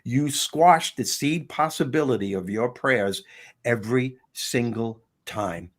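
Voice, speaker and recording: A man's voice: medium pitch, takes it slowly. A man being interviewed about his book, talking casually and telling its story with animation. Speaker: author guest. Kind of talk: interview conversation.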